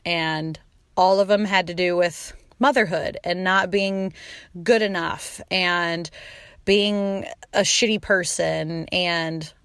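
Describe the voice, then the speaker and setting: A woman's voice: on the low side, slow, smooth, no room sound. Chatty woman telling a story, dry sound. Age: 30s. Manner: chatty, frequent "like" fillers, swearing; animated, acts out her own quoted lines. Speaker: podcast host. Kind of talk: casual storytelling monologue.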